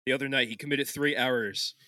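A man's voice: medium pitch, fairly even intonation, a little fast, sharp tone, dry recording, studio quality. A man co-hosting a podcast in casual chat, rambling, swearing and laughing often between thoughts. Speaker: podcast co-host.

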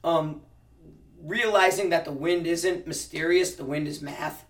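A man's voice: fairly high pitch, a little slow, a bit bright, distant mic. A man who teaches precision rifle shooting, answering interview questions casually and explaining with practical analogies, often restarting his sentences.

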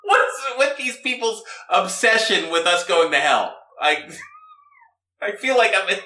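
Brief: bright-toned male podcast host, lively and sardonic, echoey room. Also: high-pitched, measured pace. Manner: mumbling, sardonic asides. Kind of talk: casual comedy talk.

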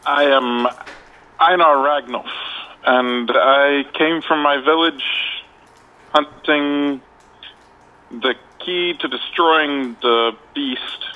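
A stern Viking warrior, played by a man in a tabletop game, declaims his purpose with slow, heavy weight. Each word is drawn out with solemn care. The sound comes over a thin, tinny call line. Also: on the high side.

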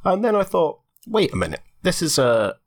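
A man's voice: on the high side, sing-song, normal speed. A man co-hosting a podcast, chatting casually with dry, sarcastic jokes. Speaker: podcast co-host. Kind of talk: casual chat.

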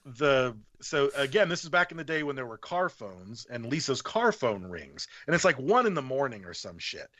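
A podcast guest with a mid-range voice talks at normal speed with hardly any pauses, telling a story in an animated, profane way and acting out what others said. The slightly muffled podcast audio has no room sound.

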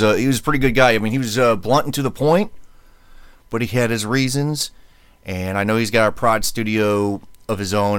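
A man with a somewhat low voice chats casually as a podcast host, rambling through stories with plenty of "uh"s. The sound is dry and close, with no room around it. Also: dry recording. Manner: rambling storyteller with many fillers, mimics voices. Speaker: podcast host, former radio worker. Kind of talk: casual chat.

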